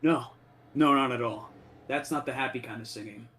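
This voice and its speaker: A man's voice: medium pitch, moderate pace, fairly bright tone. An easygoing man voicing his own character in a tabletop game. He keeps a light, joking tone in his replies. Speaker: player.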